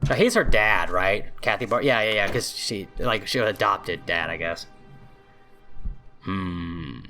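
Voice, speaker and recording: A man's voice: on the low side, expressive, unhurried, pushed and bright, soft background music. A man hosting a let's play, reading the game text aloud and adding joking, sarcastic asides, often flustered by the menus.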